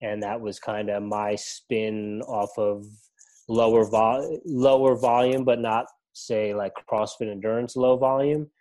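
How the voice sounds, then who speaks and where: Middle-aged male podcast guest, low and even, loose rambling chat. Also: a little slow. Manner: rambling, filler-heavy, restarts words. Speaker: ultramarathon runner and coach, guest. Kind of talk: casual podcast conversation.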